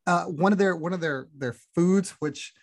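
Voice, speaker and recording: A woman's voice: lowish voice, moderate pace. A woman co-hosting a casual podcast chat, emphatic and teasing with firm opinions. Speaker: podcast co-host.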